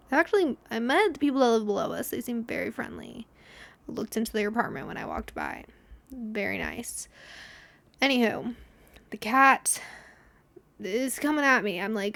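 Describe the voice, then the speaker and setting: Chatty young woman with a gravelly edge. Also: fairly high pitch, big pitch swings, moderate pace, no room sound. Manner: chatty storytelling with frequent swearing and laughter; acts out quotes in dramatic voices. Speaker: podcast host. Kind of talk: casual solo podcast monologue.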